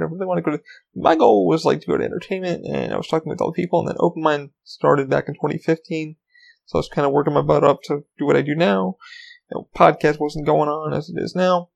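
Talking by himself on his podcast, a thirty-something host chats casually, cutting himself off, cursing and wandering between thoughts. He has a slightly high, creaky voice.

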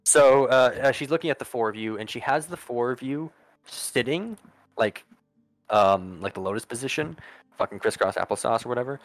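A man's voice: medium pitch, moderate pace, no echo, soft background music, rough recording. A man narrating a tabletop game as game master, casual and profane, with lots of ums and uhs.

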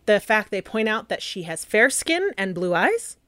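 A woman co-hosting a podcast in casual chat, chatty and quick to laugh. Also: mid-range voice, big pitch swings, a bit bright, dry recording, clean studio sound. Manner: chatty, trails off, laughs a lot. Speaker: podcast co-host.

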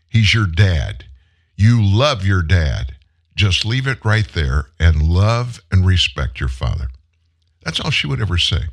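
A man in his seventies hosting a show, telling a personal story in an earnest, heartfelt way and pausing for emphasis. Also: low voice, a bit bright. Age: 70s. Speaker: show host. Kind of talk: personal monologue on a live commentary show.

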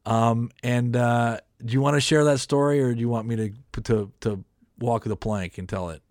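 A man's voice: mid-range voice, fairly even intonation, moderate pace, darkish tone, no echo, studio quality. A man who hosts a podcast and has worked as a radio DJ, telling a story in casual chat with many restarts. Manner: rambling, many restarts and self-corrections.

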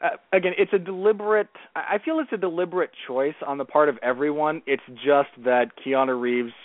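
A man's voice: fairly high pitch, brisk, dry recording. A man who is a guest on a film podcast, talking earnestly and often restarting and correcting his sentences. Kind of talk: casual film discussion. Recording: tinny phone-like line, dry.

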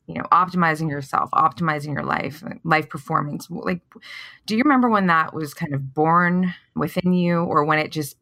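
A woman's voice: deep voice, normal speed, sharp tone, no room sound. A woman hosting a conversational interview, asking questions in an effusive, appreciative way. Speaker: host.

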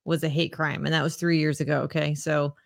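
A podcast co-host in casual chat, introducing segments in a brisk, matter-of-fact way. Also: medium pitch, flat delivery, creaky.

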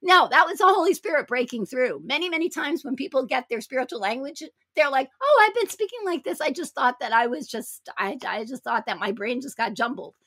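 A woman's voice: high voice, a little fast, hardly any pauses, a bit bright, husky, no room sound. A woman hosting a Christian talk show, speaking in an emphatic, preacherly way and repeating her phrases. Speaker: show host.

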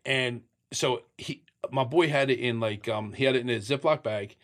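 A middle-aged man sitting for an interview tells his stories candidly, bluntly, and with profanity, animatedly acting out scenes with sound effects. His mid-range voice moves at a moderate pace.

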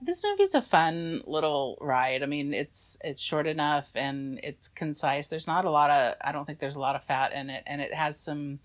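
A woman co-hosting a casual movie podcast, giving her opinion in a relaxed, thinking-aloud way. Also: sits low, moderate pace, few pauses. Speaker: podcast co-host. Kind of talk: casual movie review chat.

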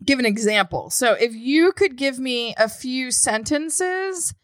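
Lively high-voiced woman in her forties. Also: unhurried, no room sound. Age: 40s. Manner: animated, laughing, dramatic exclamations. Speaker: podcast co-host. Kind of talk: casual chat. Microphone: remote call.

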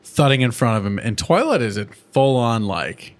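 A man's voice: mid-range voice, expressive. Casual podcast co-host, man in his thirties, crude and giggly recapper. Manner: laughing, profane storytelling with quick voice impressions.

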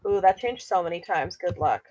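A woman's voice: lowish voice, lively intonation, moderate pace, darkish tone. A young woman co-hosting a casual chat with a friend, playful and self-mocking, laughing often as she talks. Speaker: co-host.

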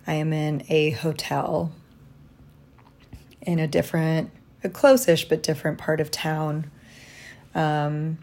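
Woman, low-pitched, slow, halting, exhausted, diary-style vlog. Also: fairly even intonation. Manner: reflective, halting, soft-spoken. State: tired and sleep-deprived. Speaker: vlogger. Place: hotel room.

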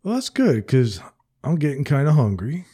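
Relaxed American host, mellow voice. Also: male voice, mid-range voice, moderate pace, slightly rough. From New Jersey, United States. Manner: relaxed, says "like" often. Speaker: podcast host. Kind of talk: casual chat.

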